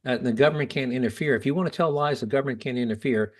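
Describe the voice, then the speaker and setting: A man's voice: medium pitch, very fast. A man hosting a podcast, talking casually and restarting sentences as he explains. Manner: chatty, restarts often while explaining. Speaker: podcast host. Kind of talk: casual talk.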